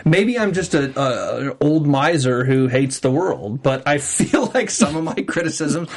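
A man co-hosting a TV after-show, chatting casually and giving opinionated, animated takes on an episode. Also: fairly high pitch, unhurried. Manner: opinionated, animated, acts out lines in voices. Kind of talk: casual chat reviewing an episode.

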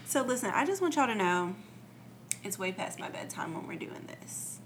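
A woman co-hosting a podcast in casual chat, playful and quick to laugh. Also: medium pitch, very animated, slight background noise. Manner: playful, laughs often, sings snippets. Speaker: podcast co-host.

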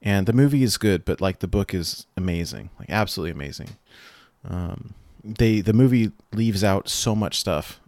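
Low-voiced man chatting, dry sound. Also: expressive, moderate pace, darkish tone, no echo. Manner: enthusiastic, rambling with fillers. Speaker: co-host. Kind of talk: casual chat.

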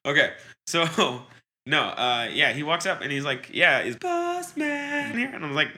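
A man's voice: on the high side, very animated, normal speed, sharp tone. A young man co-hosting a casual podcast, blunt and sarcastic, swearing freely. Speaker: podcast co-host. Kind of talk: casual chat.

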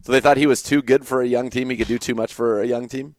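A man co-hosting a sports talk show, talking in a steady, conversational way and backing up his co-host with short agreements. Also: medium pitch, fast talker, no room sound.

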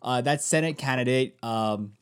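A man co-hosting a podcast, joking around with wordplay in casual chat, often pausing with fillers. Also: medium pitch, smooth. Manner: jokey, wordplay, hesitant fillers. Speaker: podcast co-host.

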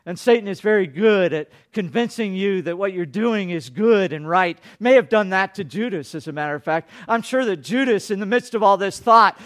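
A male pastor preaching a sermon, dropping to hushed tones and rising to loud, dramatic peaks. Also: lively intonation, normal speed, hardly any pauses. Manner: dynamic, swinging from hushed to booming.

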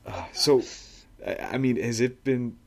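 A man's voice: mid-range voice, measured pace, vocal fry, a little mellow, husky. A man hosting a casual sports podcast, joking around with lots of fillers and laughter. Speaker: podcast host.

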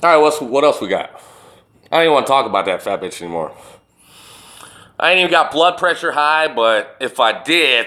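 A man ranting alone in a profane, animated way, firing off rhetorical questions as a show host. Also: mid-range voice. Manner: burping. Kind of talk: profane solo rant.

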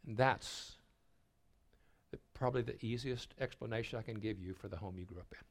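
An older man giving a sermon at a retreat, telling stories and stumbling over repeated words as he begins a thought, sometimes dropping to a hushed voice. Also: fairly low pitch, brisk. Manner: storytelling, dropping to a hushed voice for tender moments. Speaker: retreat speaker.

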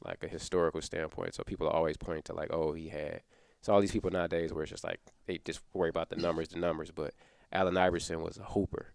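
Very low, gravelly man, emphatic slangy co-host, dry close sound. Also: flat delivery, fast talker, dry recording. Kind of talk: casual sports chat.

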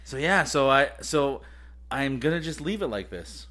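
A man's voice: mid-range voice, expressive, normal speed, fairly bright tone. A man co-hosting a podcast, telling stories in loose, profane casual chat. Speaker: podcast co-host.

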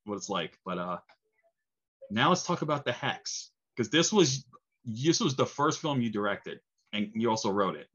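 A man's voice: medium pitch, very animated, normal speed, a bit bright, husky, dull audio. A man with a New York accent hosting an interview, talking enthusiastically and rambling with frequent restarts. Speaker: interview host. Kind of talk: casual interview chat.

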